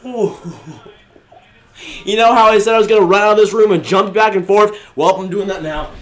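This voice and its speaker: Streaming a watch-along live, this excitable young man talks fairly quickly, dropping from quiet mutters to loud shouts and laughs.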